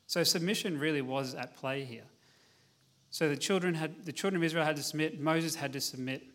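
A man preaching an evening sermon in a relaxed, conversational way, reading scripture aloud. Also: a little high, brisk.

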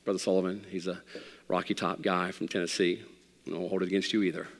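A middle-aged man preaching a sermon as pastor, animated and rising to near shouts. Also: low voice, fairly quick, vocal fry, long reverb tail. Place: church sanctuary.

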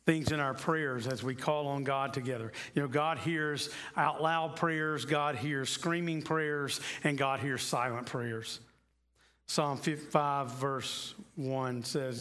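A man preaching a conversational sermon who tells stories and sometimes drops to a hushed voice for emphasis. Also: medium pitch. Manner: slows down on key phrases. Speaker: pastor.

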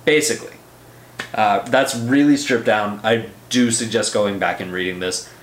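A man hosting a casual comic book review podcast, excitable and profane, rambling with lots of fillers. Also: lowish voice, normal speed, roomy sound.

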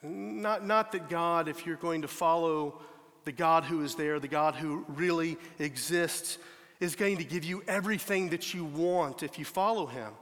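A pastor delivers a sermon in an earnest, emphatic way, frequently starting his phrases over. His voice is slightly high and fairly bright, and he speaks a bit slowly. The recording carries a long hall reverb.

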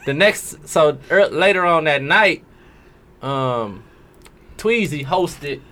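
A man's voice: a little high, lively intonation, slow, bright, forceful tone. A man casually telling a long story in street slang to friends. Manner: laid-back slangy storytelling, slips into voices when quoting people.

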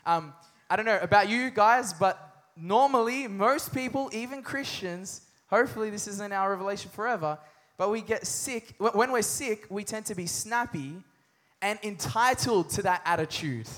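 A man's voice: sits high, lively intonation, normal speed, fairly bright tone. A young adult man preaching a sermon with energy and humor, often calling for responses from the congregation. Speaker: pastor.

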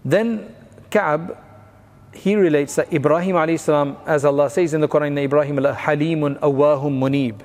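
A man's voice: a little high, steady tone, moderate pace, a little mellow, long reverb tail. A man giving a recorded religious class, explaining old narrations plainly and mixing in Arabic phrases. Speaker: religious teacher.

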